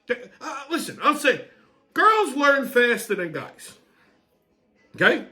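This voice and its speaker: A man's voice: extremely high pitch, big pitch swings, slow, sharp tone. A man hosting a comedy show, delivering a crude, brash rant full of swearing and mock outrage. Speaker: show host.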